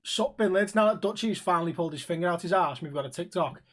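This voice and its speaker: Husky male podcast host, loose late-night banter, swears freely. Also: high voice, quick pace. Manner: swearing, joking, laughing often. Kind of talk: casual late-night chat.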